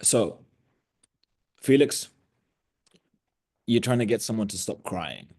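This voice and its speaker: A man's voice: on the low side, expressive, darkish tone, dry recording, clean studio sound. A man coaching trainees over a video call, blunt and direct as he runs role-play drills. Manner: blunt, direct, quick to cut in. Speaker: sales coach.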